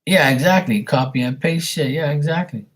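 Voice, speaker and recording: A man's voice: on the high side, moderate pace. A man chatting casually with viewers on his live tarot stream, blunt and swearing freely.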